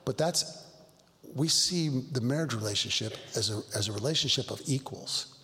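A middle-aged male pastor telling stories in a Bible study, earnest and halting, with frequent restarts. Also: mid-range voice, sharp tone. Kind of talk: Bible study talk, storytelling. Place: church hall. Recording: long hall reverb.

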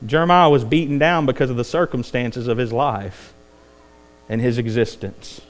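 A man preaching a sermon, climbing to intense peaks and then dropping low and quiet. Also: steady tone, normal speed, soft background music. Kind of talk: evening sermon.

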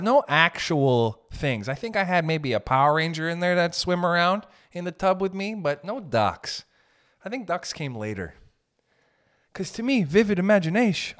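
A young man telling comic stories in a loose, profane rant, riffing with quick asides. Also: sits high, a bit bright. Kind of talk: comedic storytelling rant.

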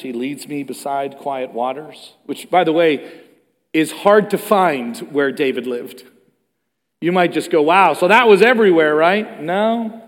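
A man preaching in a slightly higher voice than most men, his words ringing with a long reverb through a large church hall. His delivery is animated, swinging between loud emphatic passages and quiet, hushed ones. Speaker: pastor. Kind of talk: sermon.

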